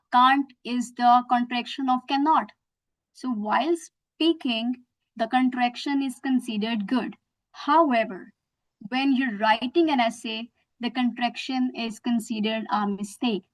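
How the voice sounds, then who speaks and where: A woman's voice: on the high side, rough recording. A young woman teaching an online lesson, explaining patiently with many examples. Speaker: English teacher.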